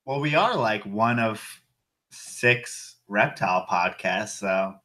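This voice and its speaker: Brief: male podcast co-host, bright forceful tone, loose rambling chat, swears a lot. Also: lowish voice, lively intonation, slow. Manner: rambling, swears freely, many fillers. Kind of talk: casual chat.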